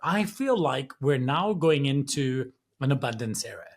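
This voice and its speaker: A man co-hosting a podcast, thinking out loud in a rambling, reflective way with many restarts in a casual conversation. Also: mid-range voice, very animated, measured pace. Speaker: podcast co-host.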